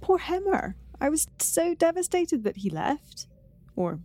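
Female co-host, enthusiastic chatter, warm voice pitched a little high. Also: big pitch swings, unhurried. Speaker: podcast co-host. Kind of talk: casual chat.

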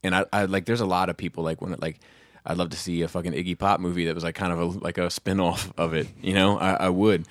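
A very low-pitched man chatting on a podcast in a relaxed, profane way. His voice is close and dry, with no room around it. He laughs easily between points. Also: quick pace, hardly any pauses, dry recording. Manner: laid-back, swears freely, laughs often. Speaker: podcast co-host. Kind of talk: casual chat.

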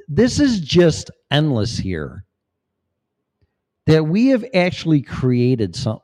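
A man delivering a rambling vlog monologue, swearing freely and preaching. His pitch swings up and down a lot as he talks, mid-range overall, and he shifts between fast bursts and slow, heavy emphasis. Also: darkish tone. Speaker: vlogger. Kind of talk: casual monologue.

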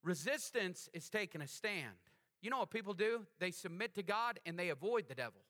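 Male pastor, bright and forceful, animated call-and-response preacher. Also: high-pitched, fairly quick. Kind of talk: sermon.

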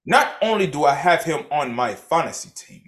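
A man's voice: a little high, very animated, moderate pace, a bit bright. A young man co-hosting a casual sports podcast, talking in a mock-formal, wordy analyst style. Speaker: podcast co-host.

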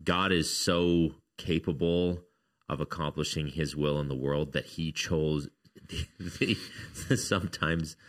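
Very deep-voiced earnest man. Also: fairly even intonation, unhurried. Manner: earnest, reflective arguing. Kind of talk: casual faith discussion.

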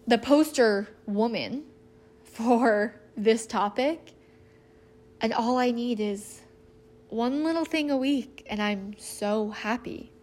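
Woman, thirties, slightly high voice, casual storytelling, earnest, animated. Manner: earnest and animated, acts out quoted lines.

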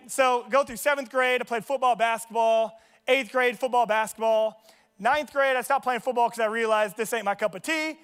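A young male pastor with a strikingly high voice preaches in a loose, conversational way. He jokes with the congregation and moves from personal stories into the sermon's message. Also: a bit bright. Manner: casual, joking, conversational. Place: church service.

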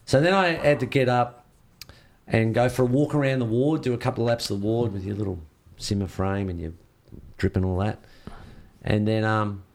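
Gravelly man telling a story. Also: lowish voice, normal speed. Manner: lively, acts out what others said. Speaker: interview guest. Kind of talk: casual storytelling.

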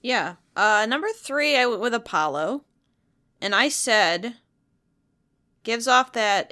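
A woman's voice: on the high side, sing-song, slow, pauses often, bright, forceful tone. A woman co-hosting a casual chat, blunt and opinionated, often laughing.

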